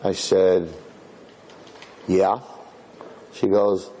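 A man, a rabbi, giving an inspirational talk to an audience, telling a story with lively acted-out dialogue and Hebrew and Yiddish terms. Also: deep voice, drawn-out words, a little hiss or hum. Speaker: rabbi and speaker.

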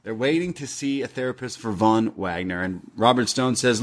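Man, casual podcast co-host, animated storyteller, middle pitch. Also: normal speed, hardly any pauses. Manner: animated storytelling, acts out quotes. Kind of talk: casual review chat.

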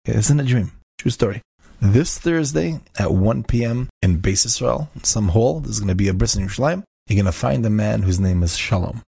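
Male storyteller, low gravelly voice, close dry mic, emphatic and repetitive. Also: lively intonation, a little fast, mellow, dry recording. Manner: emphatic, repeats key phrases. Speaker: inspirational speaker. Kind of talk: inspirational storytelling talk.

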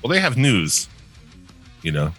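A man's voice: mid-range voice, wildly swooping pitch, a little slow, pushed and bright, husky, faint music behind. A man co-hosting a podcast in loose, sarcastic, heavily profane casual chat. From northern United States. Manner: loose, sarcastic, swears a lot. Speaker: podcast co-host.

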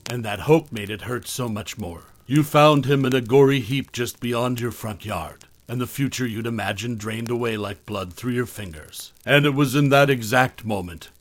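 A cold, commanding woman medium who smokes through every sentence, voiced by a man reading the story. The delivery is blunt and sharp at a middle pitch, recorded dry and close. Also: normal speed, no room sound, lightly acted.

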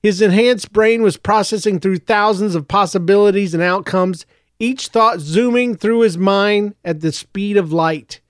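Guy narrating a story, smooth higher voice, dry close mic. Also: a little slow, no room sound. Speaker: audiobook narrator.

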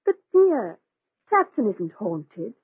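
An actress playing an anxious, doting young wife in a 1940s radio drama, speaking in a breathy, pleading way. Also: female voice, medium pitch, big pitch swings, slow, no echo, exaggerated voice. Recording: tinny old radio recording.

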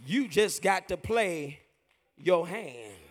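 A male pastor preaching a sermon to a congregation, calling for responses and building to shouts. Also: sits high, big pitch swings, slow. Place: church with congregation.

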